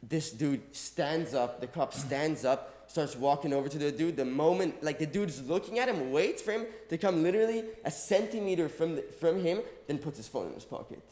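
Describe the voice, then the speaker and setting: A man from Mexico tells a story on a podcast in a raised, fairly high voice, animated and swearing freely. He acts out the people in his story as he goes. The room gives his voice a noticeable echo. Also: moderate pace, few pauses. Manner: animated, swears often, acts out others' lines. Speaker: podcast co-host. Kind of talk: casual storytelling chat. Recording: roomy echo.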